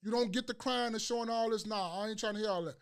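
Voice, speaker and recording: A man with a high, light voice rants at a rapid clip, hammering the same phrases over and over. His talk is loose, blunt and full of slang and swearing, the way a podcast host holds forth in casual chat. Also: clear, resonant tone. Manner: loud, emphatic ranting with slang and profanity; repeats phrases for emphasis.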